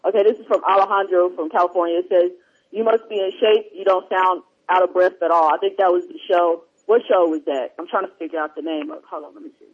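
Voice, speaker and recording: Talking fast in a high voice, this male podcast host reads out listener emails during a casual chat, wandering off topic and getting easily sidetracked. The remote-line headphone audio is dull and lo-fi.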